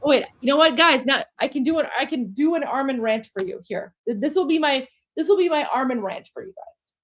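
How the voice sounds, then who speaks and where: A woman with a very high voice co-hosts a political livestream. She chats casually and addresses the viewers directly, stopping to correct herself as she talks. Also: expressive, a little fast, fairly bright tone, low-quality recording. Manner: chatty, self-correcting, talks to the chat.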